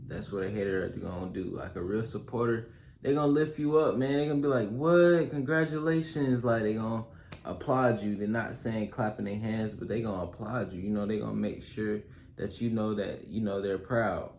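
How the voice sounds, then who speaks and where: A man's voice: fairly low pitch, fairly even intonation, fairly quick, darkish tone, slight background noise. Slangy young man with a roomy echo. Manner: loose slangy delivery, many fillers and "you feel me"; works through a list of pointers, reading some aloud. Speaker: YouTuber giving advice. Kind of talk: casual solo advice talk.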